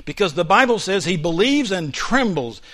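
A man delivering a sermon from the pulpit with a slightly high voice. He shifts from booming declarations to hushed, intimate asides. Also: very animated, normal speed. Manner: dynamic preaching, swings from loud declarations to hushed asides. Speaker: pastor.

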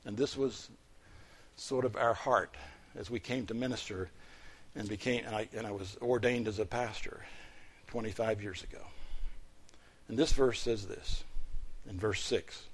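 Pastor preaching with loud, swelling emphasis. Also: male voice, fairly even intonation, breathy edge. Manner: swings from loud emphatic peaks to soft low asides; reads scripture in a slow, stressed cadence. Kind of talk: sermon.

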